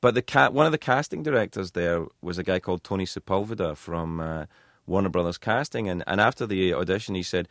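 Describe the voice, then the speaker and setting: A man's voice: deep voice, animated, brisk, fairly bright tone, no room sound. A man telling rambling, self-deprecating stories as a guest in a radio studio interview. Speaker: talk show host as guest.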